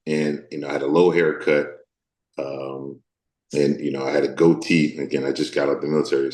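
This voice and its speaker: A Deep South actor with a darkish tone talks frankly in an interview, his voice reverberating around him. He comes across as thoughtful, stopping and starting with plenty of fillers.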